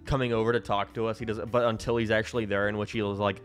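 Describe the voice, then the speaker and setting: A man's voice: on the low side, little pitch movement, fast. A man co-hosting a podcast, telling a story in laid-back casual chat with lots of fillers. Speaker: podcast co-host.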